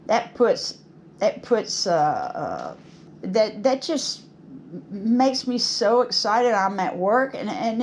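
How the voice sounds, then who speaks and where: A middle-aged woman talks slowly and effusively, gushing over her handmade work and her viewers in a casual chat from her home workshop. Her voice sits at a mid pitch, and a faint hiss of room noise sits under it. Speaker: craft channel host.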